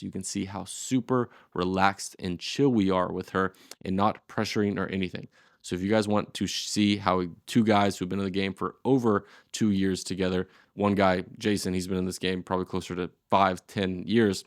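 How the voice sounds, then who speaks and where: An American agency owner in his twenties teaches a course, coaching his audience bluntly and energetically with casual swearing before leading a sales call. His low voice moves at a normal speed in a dry, studio-quality recording.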